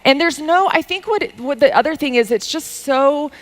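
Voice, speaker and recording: A woman's voice: high voice, expressive, normal speed. A woman with a Southern accent, chatting casually and animatedly as she tells a story, often saying y'all. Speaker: business guest sharing a story.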